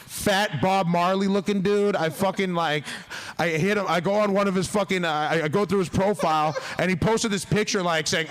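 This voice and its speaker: A man's voice: sits high, steady tone, moderate pace, a bit bright. Profane man telling a rambling story. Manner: profane, rambling, laughs through his stories. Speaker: podcast guest. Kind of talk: casual storytelling.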